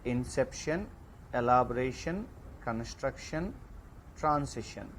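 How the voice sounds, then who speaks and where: A man lecturing in an online class, reading slide points slowly and deliberately. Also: mid-range voice, expressive, a bit bright, slight background noise, poor audio.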